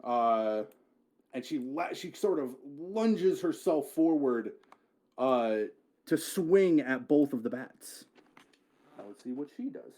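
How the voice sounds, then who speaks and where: A man's voice: a little high, lively intonation, slow pace, mellow. A man narrating a tabletop game as game master, casual, often swearing and correcting himself mid-sentence.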